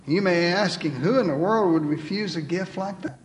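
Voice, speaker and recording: Male pastor with a high voice, preaching emphatically in a reverberant church hall. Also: normal speed. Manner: emphatic preaching, quoting scripture, dropping to soft pleading. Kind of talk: sermon. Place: church sanctuary.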